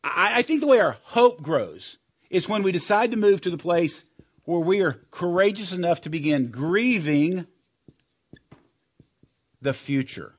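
A middle-aged man preaching a sermon to men in a conversational, personal storytelling way, swinging between loud and soft. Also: high voice, lively intonation, a little slow, pauses often, slightly rough.

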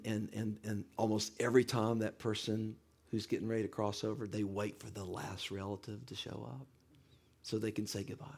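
A man telling a personal story in an earnest, halting way, with many restarts, moving between hushed moments and animated ones. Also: lowish voice, creaky, slightly rough. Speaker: speaker sharing a personal story. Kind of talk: heartfelt spoken storytelling.

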